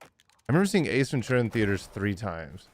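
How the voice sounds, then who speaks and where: Man, 40s, game streamer, tired, lowish voice, loose rambling chat. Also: sing-song, a little fast. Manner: rambling, many fillers, chuckling often. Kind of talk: casual gaming livestream chat.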